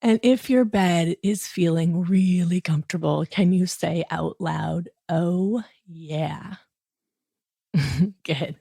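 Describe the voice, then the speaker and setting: Slow, gentle, gravelly-voiced woman. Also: on the low side, fairly even intonation, no room sound, clean studio sound. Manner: gentle, coaxing, speaks directly to a child listener. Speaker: host of a children's bedtime podcast. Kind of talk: bedtime guided relaxation for children.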